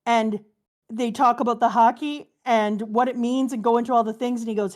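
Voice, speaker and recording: Middle-aged woman, slightly high voice, animated storyteller who drops low for character lines. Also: unhurried. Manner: excited, acts out character lines in a lowered voice. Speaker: co-host reading and discussing a manga. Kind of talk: casual chat.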